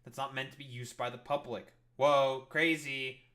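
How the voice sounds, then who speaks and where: A man's voice: mid-range voice, fast. A male streamer reacting to an interview with scornful, profane political commentary, swearing constantly and often restarting his sentences. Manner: gets loud and excited while acting out an example.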